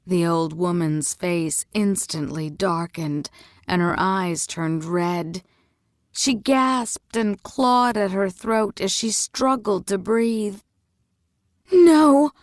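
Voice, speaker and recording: A woman reading a fantasy novel aloud as narrator, slow and even. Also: on the low side, no echo, studio quality. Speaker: audiobook reader. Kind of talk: storybook narration.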